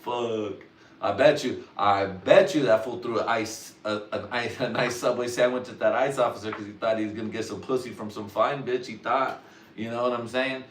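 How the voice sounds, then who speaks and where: A man's voice: mid-range voice, fairly even intonation, moderate pace. A young man hosting a livestream, telling crude comic stories in drawling slang and often laughing. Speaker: livestream host. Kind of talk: crude rambling comedic monologue. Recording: roomy echo, distant mic, faint noise.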